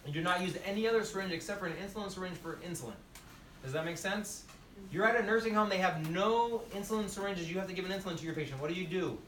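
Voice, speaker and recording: A nursing instructor's high-pitched, pushed, bright voice carries through a classroom demonstration lecture as he repeats points and questions the class. He's recorded at a distance in an echoey room with slight background noise.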